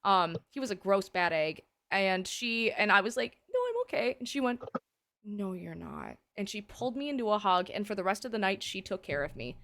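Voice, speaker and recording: A young woman hosting a casual stream chat, telling a story in an animated way, swearing freely and acting out quotes. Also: medium pitch, a little fast, few pauses. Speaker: streamer host.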